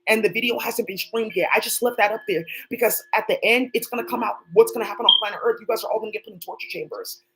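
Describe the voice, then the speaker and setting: Heavy background noise surrounds a fairly high-pitched woman hosting her own channel. Her monologue is quick, profane and unplanned, and she keeps addressing people who aren't there.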